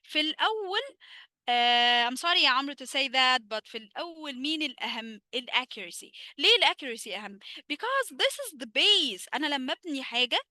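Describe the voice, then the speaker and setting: An Egyptian woman, Arabic being her native tongue, runs a live online English lesson where she asks and answers her own questions. English is delivered slowly, Arabic asides rapidly. Her voice sits high and sounds animated, bright and forceful on a dry recording.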